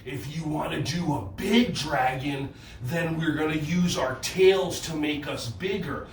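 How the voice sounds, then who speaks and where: A man's voice: on the high side, unhurried, roomy sound, recorded from a distance, slight background noise. A man from New Jersey with a New Jersey accent, leading a playful children's yoga class indoors and cheering the kids on. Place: indoor room.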